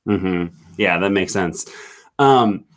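A young man from Wisconsin hosts a relaxed interview. He talks in an easygoing way, with plenty of fillers. His voice sits fairly low. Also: takes it slowly. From Wisconsin, USA. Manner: easygoing, many fillers and laughs. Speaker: host, language YouTuber. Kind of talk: casual interview.

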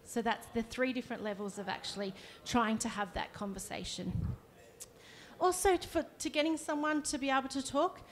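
A woman, a counsellor giving a conversational workshop talk and demonstrating as she explains. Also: a little high. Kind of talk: live presentation to an audience.

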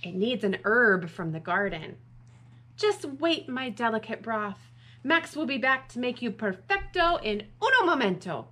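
A woman voicing an excitable male duck chef who talks with dramatic mock-Italian flourishes. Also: fairly high pitch, measured pace, exaggerated voice. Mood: eureka.

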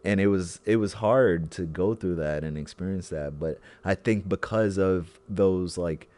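A man co-hosting a podcast in casual chat, reflecting slowly on his feelings and searching for words. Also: low voice, darkish tone. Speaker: podcast co-host.

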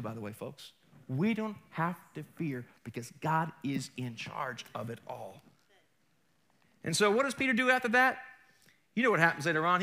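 A man preaching a sermon as pastor, telling stories with animated energy and joking with the congregation. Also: high voice. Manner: animated storytelling, mimics accents, jokes with congregation.

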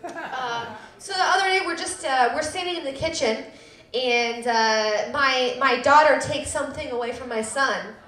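A woman's voice: sits high, moderate pace, fairly bright tone, echoey room. A woman in her thirties telling a personal story live at a public storytelling event, self-deprecating with laughing asides.

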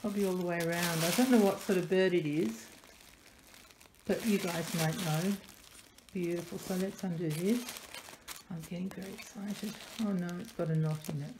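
A woman unboxing a parcel on camera as a doll collector vlogger, gushing and softly delighted, often dropping to breathy whispers. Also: lowish voice, normal speed. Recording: echoey room with faint noise.

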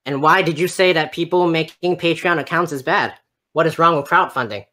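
A man's voice: a little high, fairly quick, pushed and bright. Stammering argumentative man. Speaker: guest on a live stream. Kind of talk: heated live-stream debate.

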